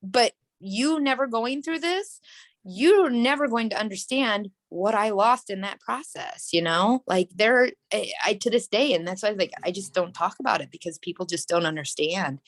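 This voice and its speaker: A woman's voice: medium pitch, moderate pace, no room sound. A woman in her thirties, an interview guest, candidly telling a personal story in a rambling, earnest way, full of "like" and "you know". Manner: earnest and emotional.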